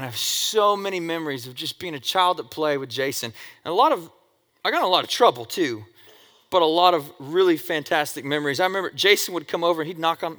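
A man from Oregon telling childhood stories in an animated way, with sound effects and acted quotes. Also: a little high. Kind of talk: animated personal storytelling. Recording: long echoey hall reverb.

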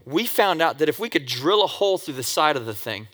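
A man from Oregon tells his childhood stories with lively energy, dropping in sound effects and little acted quotes. His voice is bright and sits a bit high. A long reverb hangs behind him, as in a large hall. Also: a little fast. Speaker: speaker telling childhood stories. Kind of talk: animated personal storytelling.

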